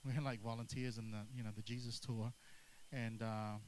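A man voicing weary, grumbling male disciples who want to go home, in a low muttering voice during a sermon. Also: very animated, moderate pace, slight background noise, rough recording.

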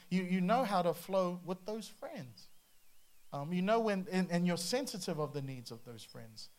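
A man preaching a sermon to a congregation, humorous and animated, breaking into playful voices and sound effects. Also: high-pitched. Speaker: pastor.

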